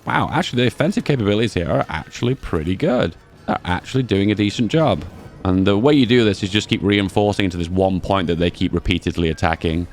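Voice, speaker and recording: A man with a very low voice talks his way through a strategy game, thinking aloud in a chatty, casual way. He reacts with bursts of excitement as things unfold. Faint music plays underneath. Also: fast. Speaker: gaming channel host.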